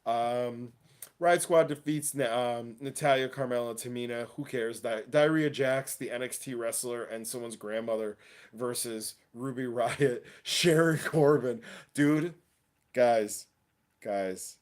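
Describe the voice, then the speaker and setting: A man hosting a casual wrestling livestream, talking excitedly in slangy chat and laughing often. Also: medium pitch, measured pace. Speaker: wrestling show host.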